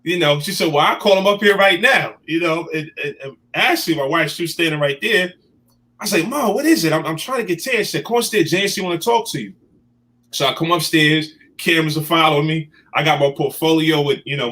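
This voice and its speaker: A man in his thirties telling his life story in a casual chat, animated and emotional. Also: on the high side. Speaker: guest.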